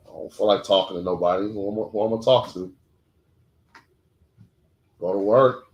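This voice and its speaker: A man's voice: lowish voice, moderate pace, muffled recording. A man on a podcast telling a personal story in a blunt, profane, emotional way, using short clipped sentences. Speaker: podcast co-host. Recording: echoey room.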